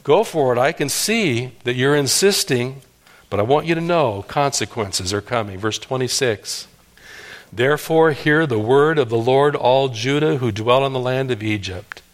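A middle-aged male pastor preaching at an ordinary mid pitch. He pleads earnestly with his listeners, pushing up into emphatic cries before sinking into quiet, heavy lows. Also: normal speed. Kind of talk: sermon.

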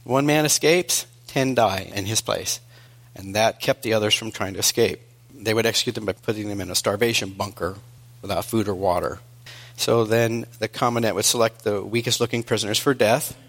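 A male preacher delivering a sermon in an earnest storytelling manner, moving between hushed and emphatic. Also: fairly low pitch, normal speed.

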